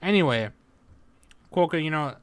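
A man's voice: on the high side, expressive, normal speed, clean tone, dry recording. A young man hosting a podcast, telling stories in casual chat, swearing and laughing often. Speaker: podcast host.

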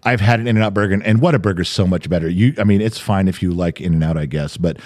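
A man's voice: sits low, fast talker, darkish tone. An older man co-hosting a podcast in casual chat, ranting and swearing freely. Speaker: podcast co-host.

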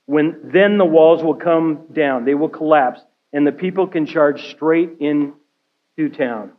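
A man's voice: fairly high pitch, slow, narrow, tinny audio. A male care pastor giving a conversational sermon, often checking in with his listeners by asking "right?" and "okay?". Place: church sanctuary.

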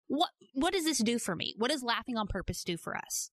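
Playful, animated woman podcast host. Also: fairly high pitch, quick pace, dry recording. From Georgia, US. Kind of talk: casual podcast narration.

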